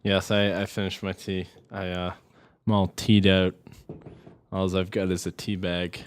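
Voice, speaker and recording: A man's voice: deep voice, flat delivery, unhurried, a little hiss or hum. A man co-hosting a podcast, chatting casually and joking as he recaps a movie in a rambling way. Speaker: podcast co-host. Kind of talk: casual chat.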